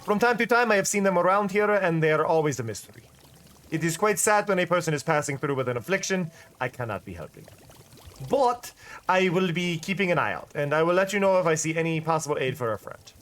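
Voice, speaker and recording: A person voicing a formal, overly polite shopkeeper with a fake accent, reading game dialogue aloud. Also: male voice, on the high side, expressive, fast, fairly bright tone.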